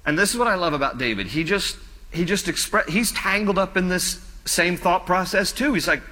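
A male pastor preaching a sermon in an earnest, pleading way, often sinking to a hushed close. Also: high voice, lively intonation, moderate pace, long reverb tail. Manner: earnest, pleading emphasis, drops to quiet.

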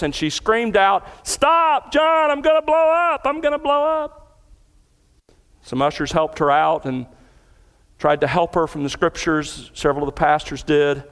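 A male pastor preaching an expository sermon in an earnest tone that builds in intensity as he retells events. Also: a little high. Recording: long reverb of a large hall.

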